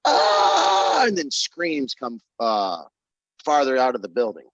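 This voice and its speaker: Male game master, animated pitch, casual profane narration, dry dull sound. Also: unhurried, no echo.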